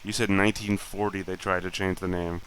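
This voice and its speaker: A man's voice: deep voice, little pitch movement, fairly quick, fairly bright tone, slight background noise, rough recording. A man from the United States chatting casually during a game, asking teasing, joking questions. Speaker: player.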